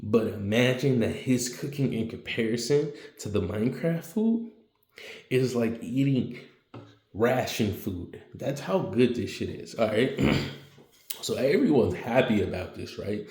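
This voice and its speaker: A man's voice: medium pitch, animated, unhurried, a little mellow, echoey room. A man telling a homemade fan story casually, rambling with slang and fillers.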